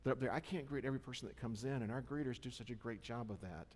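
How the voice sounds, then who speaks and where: A male pastor delivering a chatty, self-deprecating sermon and regularly checking in with his listeners. His voice sits at a middling pitch. It rings out with a long reverb in a large church hall. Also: fast, darkish tone. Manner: conversational, self-deprecating, checks in with "all right?". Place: church sanctuary.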